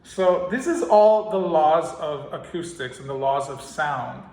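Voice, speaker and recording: A man's voice: fairly high pitch, animated, measured pace, a little mellow. A man teaching a singing lesson, explaining with analogies and singing scale exercises. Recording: roomy sound with piano behind. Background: piano.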